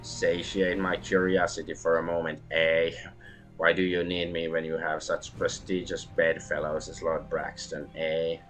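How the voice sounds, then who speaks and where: A gruff, mercenary Canadian smuggler in a video game, middle-aged and all about profit, who caps his sentences with a questioning "eh", as a man puts him on. The voice sits very low and deep, with faint game music under it. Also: monotone, a bit bright, low-quality recording. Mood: wary bargaining. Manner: ends lines with a drawn-out "eh".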